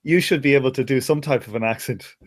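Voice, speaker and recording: A man with an Irish accent, from Ireland, chats casually with a conversation partner, talking fast at a medium pitch. He rambles, restarts often and laughs frequently.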